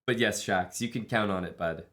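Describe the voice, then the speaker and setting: A man's voice: fairly low pitch, normal speed, a bit bright. A man streaming live, chatting casually with viewers and thanking them, laid-back and jokey. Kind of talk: casual stream chat, reading viewer messages.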